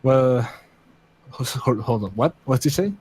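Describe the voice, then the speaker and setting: Slow, thoughtful man playing the game. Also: medium pitch, animated, a little mellow, slightly rough, rough recording. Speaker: player. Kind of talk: tabletop game play.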